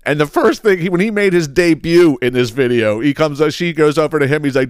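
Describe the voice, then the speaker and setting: A man's voice: fairly high pitch, fairly quick, clean tone, no echo, clean studio sound. A man hosting a podcast, ranting casually with lots of swearing and laughter. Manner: profane, laughing often, animated. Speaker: podcast host. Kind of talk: casual comedic rant.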